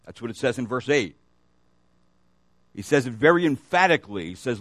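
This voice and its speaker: A man's voice: mid-range voice, big pitch swings, fairly quick, a bit bright, no echo. A man preaching a sermon as pastor, reading scripture aloud and asking the congregation questions as he goes. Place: church.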